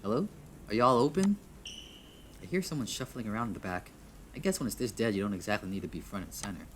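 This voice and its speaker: A man's voice: fairly low pitch, very animated, quick pace, a little hiss or hum. A man reading a visual novel aloud, often tripping over words, restarting lines and laughing at his own slips. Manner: stumbles, restarts, chuckles at himself. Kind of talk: reading game text aloud with asides.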